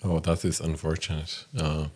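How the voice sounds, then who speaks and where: A man thinking aloud to himself as he writes code, low-key and halting, with frequent pauses and fillers. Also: flat delivery, a little mellow. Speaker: programmer streaming his coding. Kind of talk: thinking aloud while coding.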